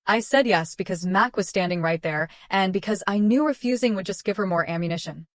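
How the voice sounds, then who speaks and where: A woman narrating a first-person drama story in a steady, even reading voice. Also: medium pitch, fairly quick, few pauses, no room sound.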